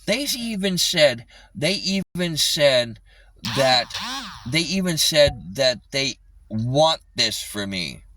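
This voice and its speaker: Man, livestreamer, furious rant, heavy swearing, bright tense tone, dry sound a bit off the phone mic. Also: medium pitch, no room sound, far from the mic, low-quality recording. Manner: angry, swearing constantly, repeats himself. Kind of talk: ranting live stream.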